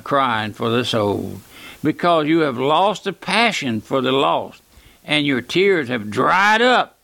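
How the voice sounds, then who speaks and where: A man's voice: on the high side, creaky, bright, forceful tone. An older man preaching a fervent radio sermon, pleading with his listeners through repeated rhetorical questions.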